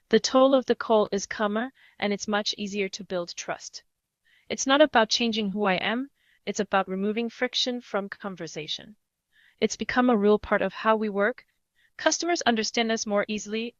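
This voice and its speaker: Woman with AI accent-converted voice, calm. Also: medium pitch, dry recording. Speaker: call center agent. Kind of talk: scripted product demo. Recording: slightly dull lo-fi call audio.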